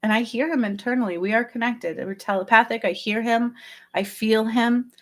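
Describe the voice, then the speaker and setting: A woman's voice: on the high side, steady tone, moderate pace, a bit bright. A middle-aged woman, a spiritual healer, talking earnestly to her livestream viewers and checking in with them often. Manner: earnest, repetitive, addresses viewers directly.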